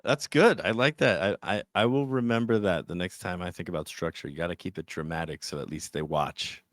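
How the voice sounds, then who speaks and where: A man hosting a podcast interview, asking prepared questions in a measured way. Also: low voice, dry recording, clean studio sound. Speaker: podcast host.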